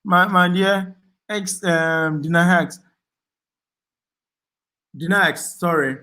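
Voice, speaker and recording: Hosting a laid-back livestream, a Ghanaian-accented man reads through viewer comments and thanks each person in turn. His voice is a bit higher than the typical man's, and he frequently pauses with ums and says things twice.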